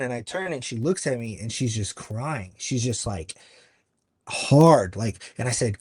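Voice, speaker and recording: A man guest on a podcast, telling a story earnestly and acting out other people's lines with sudden jumps in pitch. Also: normal speed, a little mellow, slightly rough, no room sound. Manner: earnest, acts out quoted voices with big pitch jumps. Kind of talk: conversational storytelling.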